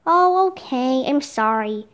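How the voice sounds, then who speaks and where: A woman voicing an eager young girl in a storybook, bright and pleading. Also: very high voice, animated, normal speed. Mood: meek.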